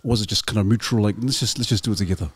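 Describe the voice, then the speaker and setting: A man's voice: lowish voice, very fast, breathy edge. A man hosting a casual interview, rambling and repeating himself, effusive with praise. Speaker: podcast host.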